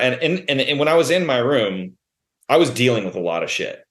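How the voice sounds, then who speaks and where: A man's voice: medium pitch, brisk. A man, a guest on a podcast, telling a personal story in a candid, rambling way, with frequent restarts and swearing. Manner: rambling with frequent restarts and swearing, animated when quoting himself. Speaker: podcast guest, band musician. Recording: roomy echo.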